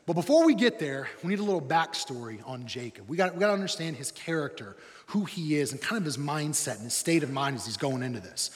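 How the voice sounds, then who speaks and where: A male pastor delivers a sermon in a church auditorium, telling his story with humor and energy. His voice sits high for a man. A long reverb from the big room trails behind him. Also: big pitch swings, quick pace.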